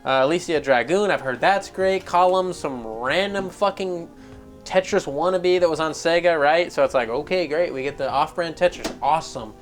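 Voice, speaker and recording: A man's voice: fairly high pitch, moderate pace, soft background music. A man hosting a gaming news show, giving casual commentary in a profane, exasperated rant.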